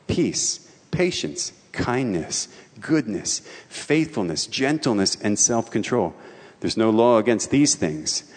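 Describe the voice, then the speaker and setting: Preaching man in a reverberant hall. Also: mid-range voice. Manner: measured reading of lists, relaxed explanatory asides. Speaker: pastor. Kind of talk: sermon with scripture reading and prayer.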